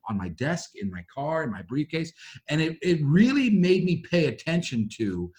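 A man's voice: on the high side, normal speed. A middle-aged man telling a personal story in conversation, acting out voices as he goes. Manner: animated, acts out quoted voices. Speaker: guest.

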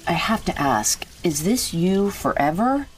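A woman's voice: on the low side, very animated, unhurried, slight background noise, poor audio. An actress playing a worried woman confronting a troubled man late at night in a TV series clip. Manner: worried, probing. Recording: TV clip with music underneath.

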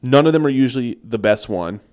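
A man's voice: mid-range voice, expressive, fairly quick, a little mellow. Earnest young man making his case. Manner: earnest, insistent debating. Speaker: podcast co-host. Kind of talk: casual comedic banter.

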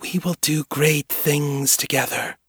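A man's voice: a little high, fairly even intonation, takes it slowly, a bit bright, breathy edge, no echo, clean studio sound, pitched above the performer's own voice, full character voice. A man voicing a mysterious presence behind a door that whispers and cajoles. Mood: cajoling.

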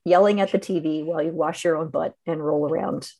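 A woman's voice: sits low, a little fast. A middle-aged woman co-hosting a podcast, chatting casually and telling stories with frequent laughter. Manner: animated storyteller who laughs often. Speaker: podcast co-host. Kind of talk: casual chat.

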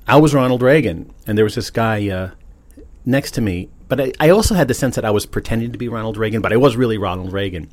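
A man hosting a podcast, talking to himself in a relaxed, chatty, self-amused way. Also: medium pitch. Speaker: podcast host. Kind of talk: casual rambling monologue.

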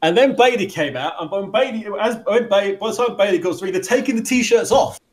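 Man, podcast co-host, rambly, a touch high. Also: lively intonation, brisk. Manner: rambling, frequent restarts and laughs. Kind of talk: casual chat reviewing wrestling.

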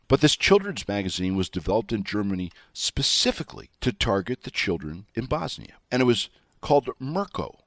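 Emphatic low-voiced male talk host. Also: no room sound, studio quality. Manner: emphatic, sarcastic asides, spells out words. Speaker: show host. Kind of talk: talk show monologue.

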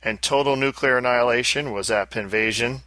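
A man's voice: medium pitch, brisk, bright, forceful tone, no room sound. A man co-hosting a casual podcast chat, talking in a rambling way and often repeating his words. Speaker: podcast co-host.

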